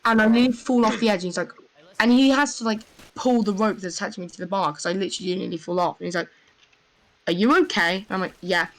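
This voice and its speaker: A young woman telling a rambling, excitable story in casual voice chat, full of fillers. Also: medium pitch, very fast, low-quality recording. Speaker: gamer.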